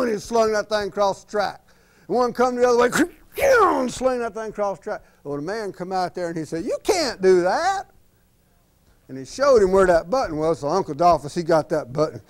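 A man telling a folksy tall tale, laughing along and acting out sound effects. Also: high voice. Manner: animated, laughs at his own story, acts out sound effects. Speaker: storyteller.

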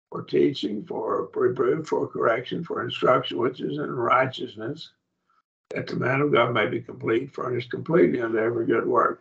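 An older man teaching a Bible class in a folksy, unhurried way, with frequent fillers and restarts. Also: mid-range voice, vocal fry, fairly bright tone. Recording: dull lo-fi recording.

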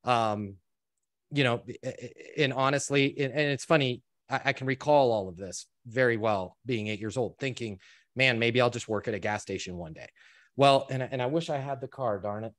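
A man spinning a personal story as an interview guest. He talks with animation, acts out the people he quotes and doubles back on his words often. His voice sits at an ordinary middle pitch. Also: normal speed. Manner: animated storyteller, quotes others, many restarts. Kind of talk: storytelling in conversation.

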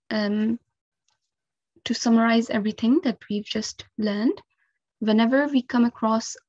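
A woman's voice: a little high, darkish tone, breathy edge, dry recording, lo-fi sound. A woman teaching recitation rules, explaining each step patiently and carefully with frequent 'um' and 'okay'. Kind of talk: instructional lesson.

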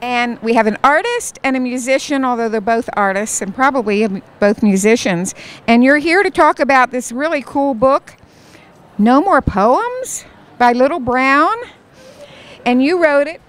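A woman hosting a live interview at a conference booth, bubbly and enthusiastic, quick to laugh. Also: sits high, expressive. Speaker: interviewer for a book channel.

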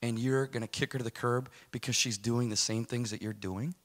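Low, slow divine voice, gently rebuking, put on by a man telling his story. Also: steady tone, lightly acted. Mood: solemn. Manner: slow, low, solemn delivery.

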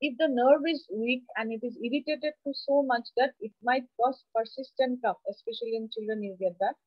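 A woman's voice: a little high, a little fast, dry recording, muffled recording. A woman teaching an anatomy class over a video call, explaining step by step and often checking with her students. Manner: explanatory, asks the class questions. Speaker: anatomy lecturer. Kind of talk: online class lecture. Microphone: computer mic on a video call.

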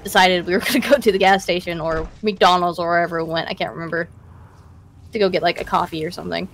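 A woman's voice: on the low side, steady tone, fast, a little hiss or hum. Chatty woman gaming with a friend. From US East Coast. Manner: chatty storyteller, reads quest text aloud in playful voices. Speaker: co-host. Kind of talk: casual let's-play chat.

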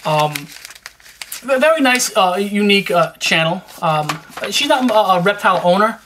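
Man as a YouTube vlogger giving shout-outs, hyped and joking, streetwise, with a bright, punchy voice. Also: high-pitched, lively intonation, unhurried, slight background noise. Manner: repeats "you know what I'm saying". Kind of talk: casual vlog shout-outs.

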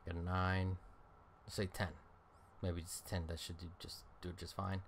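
This deep-voiced man speaks at normal speed in a completely flat delivery, with a little hiss or hum on the recording. He's a game streamer doing laid-back let's-play commentary, rambling and filling gaps with ums and uhs. Weary, he yawns as he goes.

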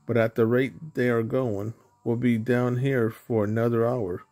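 A man voicing a calm, gently firm mother bear in a storybook reading. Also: medium pitch, a little slow, lightly acted.

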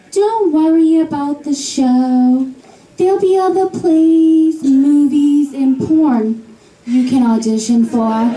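A woman's voice: sits high, dark tone, voice pushed up, exaggerated voice. A woman with a Boston accent voicing her tactless, doting mother. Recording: echoey club from far off.

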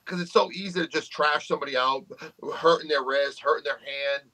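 Man, New England accent, bright higher voice, blunt and profane, casual podcast co-host. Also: fairly quick, rough recording. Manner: blunt, swears freely, joking. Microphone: studio microphone.

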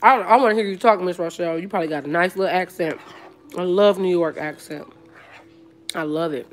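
A woman's voice: on the low side, fairly quick, a little hiss or hum. A woman from Wisconsin, live-streaming from home. She chats casually, reads viewer comments aloud, and eats between words. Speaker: vlogger. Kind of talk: casual live-stream chat while eating. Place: at home, indoors.

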